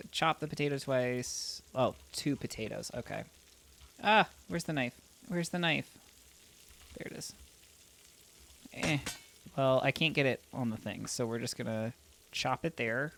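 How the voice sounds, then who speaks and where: A man's voice: medium pitch, creaky, a bit bright. A man commenting casually on a game as he plays, emotional and chatty, talking to himself. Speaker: gaming YouTuber. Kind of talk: let's play commentary.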